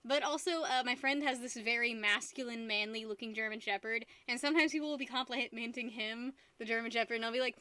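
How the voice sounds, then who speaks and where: This is a young woman chatting through a live stream from her home, loose and giggly with a slightly tipsy ease. Her voice sits a little high and rings bright and forward. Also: fairly quick. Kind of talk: casual chat while painting.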